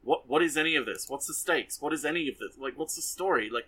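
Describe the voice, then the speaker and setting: A man's voice: a little high, expressive, fast talker, pushed and bright, slightly rough, low-quality recording. A man casually recapping an anime episode for a podcast, sarcastic and exasperated, rambling with many fillers.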